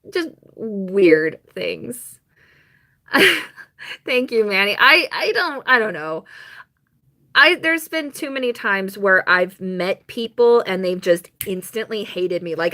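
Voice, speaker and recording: A young woman chatting on a live stream, telling a rambling personal story with quick laughs and mock quotes. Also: medium pitch, fairly bright tone.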